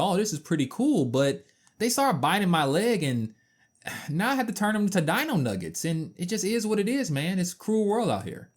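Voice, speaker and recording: Man, game review voice-over, lively up-and-down delivery, slightly high voice, playful asides. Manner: animated, playful asides and mock outrage.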